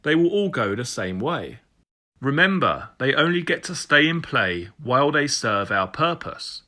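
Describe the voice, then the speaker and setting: A man voicing a senior police superintendent who speaks in a measured, menacing way. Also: medium pitch, big pitch swings, bright, forceful tone. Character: scheming senior male police superintendent, cold, confident.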